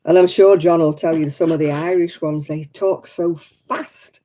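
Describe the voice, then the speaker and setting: Chatty woman with a mellow voice. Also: low-pitched, fairly even intonation, measured pace. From England. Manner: chatty, laughs often, answers viewers by name. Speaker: livestream host. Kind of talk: casual chat.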